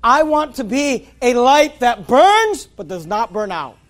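A man's voice: very high voice, sing-song, a little slow. A man preaching a sermon, emphatic and repetitive, quoting scripture in old-style wording and urging listeners to read the Bible.

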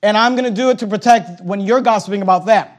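High-voiced animated preacher man. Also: fast talker. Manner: animated preaching with acted-out dialogue and rising emphasis; blunt, joking asides. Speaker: pastor. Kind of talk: sermon.

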